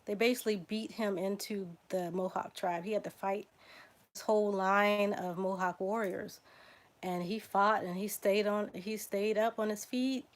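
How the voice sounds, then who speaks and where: Here a genealogy livestream host, a woman with a Southern US accent, chats casually with viewers while reading lists of names and spelling them one letter at a time. She has a mid-range voice, keeps her intonation fairly even, and moves at a moderate pace.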